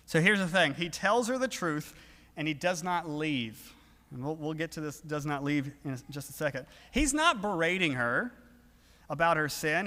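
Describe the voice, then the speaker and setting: A man preaching an evening sermon in an earnest, conversational way, pausing and restarting as he talks. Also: fairly high pitch, animated, bright, forceful tone. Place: church sanctuary. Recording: long reverb of a church hall.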